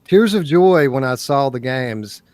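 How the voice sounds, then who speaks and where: A man from Europe co-hosts a live gaming show in a plain, mid-pitched voice. He plays up his distress with theatrical, mock-dramatic lines, recorded dry and close. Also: lively intonation, measured pace, a little mellow, no echo. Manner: mock-dramatic, exaggerated despair. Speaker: podcast co-host. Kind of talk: casual livestream chat.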